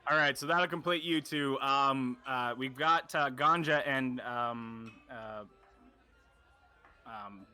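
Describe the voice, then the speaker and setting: A man's voice: mid-range voice, slow, sharp tone, clear, resonant tone. A man narrating as game master, casual and rambling, with lots of fillers.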